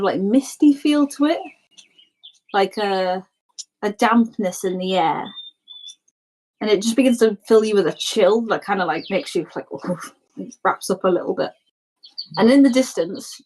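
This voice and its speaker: Slow-talking woman game master. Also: medium pitch, poor audio. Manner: rambling, lots of fillers. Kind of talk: narrating a tabletop game.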